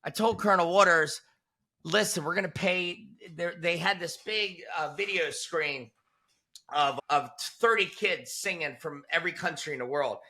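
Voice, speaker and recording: A man in his forties tells a story as an interview guest, with a voice that sits a bit high for a man. He sounds bright and forceful. He keeps it casual and punchy, hitting the beats with "boom.". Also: moderate pace. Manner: animated, punchy storyteller who drops "boom" for emphasis.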